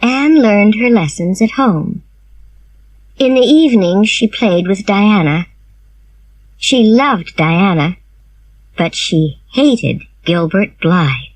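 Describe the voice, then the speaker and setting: A woman reading a simplified storybook aloud, slow, clear and expressive. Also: mid-range voice, no room sound. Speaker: narrator.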